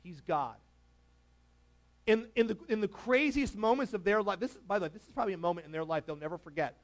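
High-voiced chatty male preacher. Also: fairly quick, long pauses. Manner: chatty, frequent laughter, questions to the congregation. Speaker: pastor. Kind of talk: casual conversational sermon.

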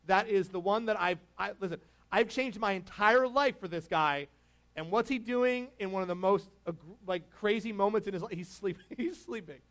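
A man's voice: sits high, moderate pace, a bit bright. A man preaching a casual, conversational sermon, laughing often and asking the congregation questions. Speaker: pastor.

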